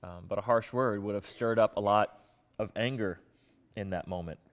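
A man's voice: on the low side, moderate pace, big-room sound. A man preaching a sermon and telling a funny personal story in a conversational, self-mocking way with many fillers. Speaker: pastor.

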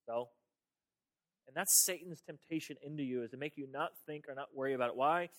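A male pastor delivering a sermon in a loose, conversational way. His voice sits a little high for a man, and he often doubles back on his words. He speaks straight to his listeners throughout. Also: brisk, a bit bright. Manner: conversational, repeats words, talks to the audience directly.

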